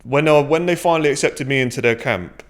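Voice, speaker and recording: A blunt man chats casually as a podcast guest, swearing freely and acting out conversations. His voice sits at a middling pitch. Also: brisk. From England. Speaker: strength and conditioning coach, guest.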